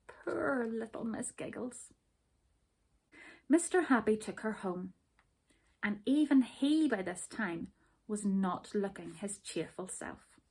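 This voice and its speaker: A woman reading a children's story aloud, gentle and expressive. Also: mid-range voice, slow pace, pauses often, slightly rough.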